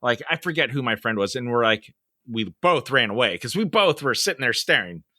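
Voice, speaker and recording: A young adult man co-hosting a podcast, telling stories in a casual, animated way and acting out the voices in them. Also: medium pitch, brisk, no echo, clean studio sound. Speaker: podcast co-host. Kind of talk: casual storytelling chat.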